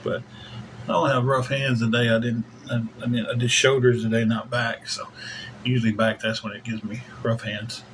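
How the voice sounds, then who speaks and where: A man's voice: mid-range voice, level tone, normal speed, background noise. A man hosting a casual livestream, rambling in a folksy way and thanking viewers by name. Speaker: livestream host.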